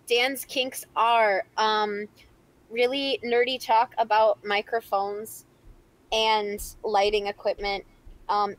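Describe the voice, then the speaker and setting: A woman's voice: medium pitch, poor audio. A woman chats casually on a live stream, reading out viewer questions and answering them. Her talk is playful and rambling, full of giggles and "um"s. She sounds like she is in a home studio. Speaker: stream co-host reading chat.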